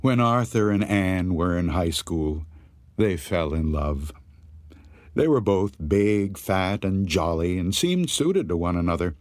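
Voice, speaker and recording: A man narrating a ghost story in a slow, dramatic storytelling manner, building suspense. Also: low voice, animated, a little mellow, dry recording, clean studio sound.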